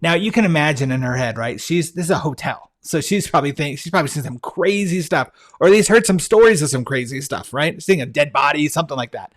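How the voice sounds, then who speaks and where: A man's voice: fairly high pitch, expressive, fast talker, hardly any pauses. Enthusiastic male podcast host. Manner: enthusiastic, conversational, frequent fillers and restarts. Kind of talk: casual monologue recommending books.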